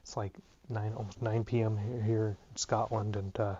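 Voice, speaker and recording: A man with a low, flat voice talks through a Greek grammar lesson late in the evening, sounding tired. He thinks aloud, restarting sentences and filling gaps with ums and uhs. The recording is dull and lo-fi. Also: normal speed, slight background noise. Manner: casual, thinking aloud with many fillers. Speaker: Greek teacher. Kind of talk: unscripted lesson.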